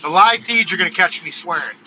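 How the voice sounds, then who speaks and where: A man in his forties talking casually in a live vlog from his car, telling stories in an animated, ranting way. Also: high-pitched, brisk, a little hiss or hum. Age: 40s. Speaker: vlogger. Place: in a car on the road. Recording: dull lo-fi car recording with music. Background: techno music playing.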